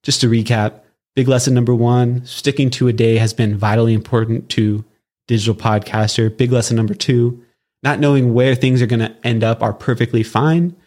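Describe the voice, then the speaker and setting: A man's voice: mid-range voice, steady tone, normal speed, darkish tone. A man from Southern California hosting a solo podcast, talking in a loose, rambling way with plenty of fillers and restarts. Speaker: podcast host.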